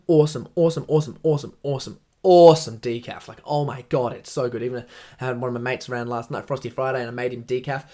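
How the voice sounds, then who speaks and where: An Australian man in his young adult years talks straight into his podcast mic with loose, rambling enthusiasm. He drops casual swears and keeps circling back through asides, his voice sitting at an ordinary middle pitch. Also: mellow. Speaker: podcast host. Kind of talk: casual solo podcast talk.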